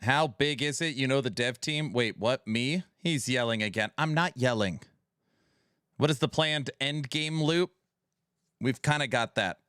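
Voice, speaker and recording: A man's voice: mid-range voice, unhurried, fairly bright tone, clear, resonant tone, no echo, clean studio sound. A man streaming from home, bantering with his chat and reading out community questions in a casual, sometimes raised voice. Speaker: streamer hosting a gaming podcast. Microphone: headset mic.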